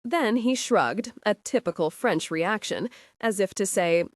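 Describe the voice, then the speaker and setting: Narrator: woman, measured, dry booth, a touch off mic. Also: medium pitch, lively intonation, no room sound, far from the mic. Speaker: audiobook narrator. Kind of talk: scripted narration.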